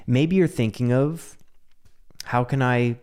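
A man's voice: mid-range voice, slow, darkish tone, smooth. A man hosting a solo podcast, talking casually in a rambling, self-mocking, jokey way with frequent laughs. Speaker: podcast host.

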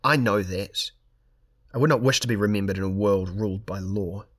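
A man's voice: lowish voice, moderate pace, breathy edge. A man reading aloud and voicing a grim, defiant sorcerer-king in an audiobook. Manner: calm then crying out defiantly.

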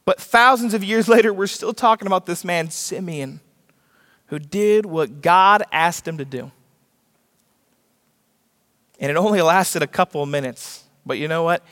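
A man's voice: high voice, measured pace, long pauses, fairly bright tone. A young man preaching a sermon, telling stories and asking the congregation rhetorical questions. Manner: storytelling, rhetorical questions to the room. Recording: long hall reverb.

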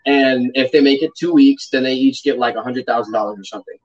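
Man, mid-pitched voice, rambling storyteller, casual chat, sounds far from the mic, dull audio. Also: fast talker, darkish tone. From United States. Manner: rambling, storytelling, filler-heavy. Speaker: podcast co-host.

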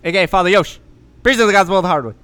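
A man co-hosting a podcast over an online voice call, riffing loosely, swearing and breaking into bursts of yelling. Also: high voice, racing, clean tone, no echo. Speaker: podcast co-host. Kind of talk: rowdy casual chat on a call.

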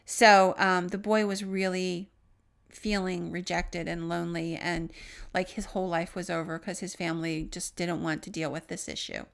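A woman co-hosting a podcast, earnestly retelling a paranormal story and trailing off softly on the grim details. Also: mid-range voice, vocal fry, smooth. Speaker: podcast co-host.

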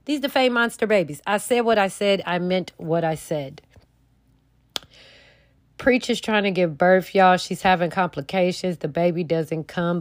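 A young woman, hosting a podcast and recapping a TV episode in an animated, slangy way, straight to her listeners. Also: fairly low pitch, moderate pace, dry recording, clean studio sound. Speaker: podcast host recapping a TV show. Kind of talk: casual recap monologue.

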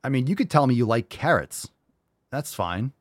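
Man, podcast host, sarcastic mock anger, lively swooping pitch, dry close sound. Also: normal speed, no room sound. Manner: mock-angry, sarcastic, swings between loud and muttering. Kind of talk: casual comedic banter.

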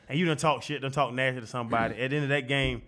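A man guest telling stories in a casual podcast chat, profane and animated, quick to laugh and acting out what others said. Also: medium pitch. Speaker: guest, former football linebacker.

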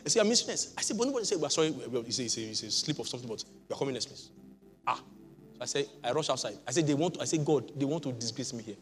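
A middle-aged pastor tells his own testimony from the pulpit in a high, ringing voice. He jumps from loud exclamations to hushed asides and laughs often. Soft music plays underneath. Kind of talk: sermon with personal testimony.

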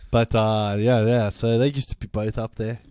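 A young man trades cocky, crude jokes on a casual podcast and laughs often. His voice sits low, and the recording is dry and close. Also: flat delivery, normal speed, dark tone, clean tone, no room sound. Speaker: podcast co-host.

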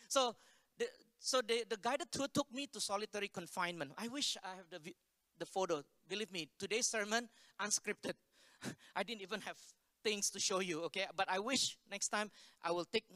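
Male pastor, chatty storytelling sermon, bright tone, dry close sound. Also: high-pitched, dry recording. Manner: conversational, asks the congregation questions. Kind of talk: unscripted sermon told as a story.

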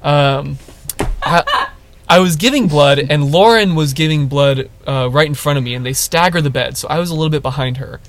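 A man's voice: fairly high pitch, moderate pace, no echo. A young man co-hosting a casual podcast, telling a funny story and acting out the quotes in it. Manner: animated storyteller, acts out quotes. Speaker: podcast co-host.

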